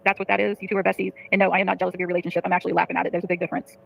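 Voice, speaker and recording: Fast, gravelly woman venting to her chat. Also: on the low side, little pitch movement, a little hiss or hum, poor audio. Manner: rapid, profane, frustrated venting. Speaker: livestreamer.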